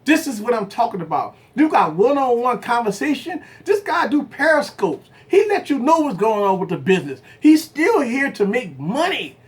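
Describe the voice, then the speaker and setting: A man hosts a tech livestream and argues his opinions with his viewers. His pitch swoops up and down with animated energy. He hammers his points home with repeated phrases and rhetorical questions. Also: moderate pace, few pauses. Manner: talks straight to viewers as "guys". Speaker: tech channel host and business owner.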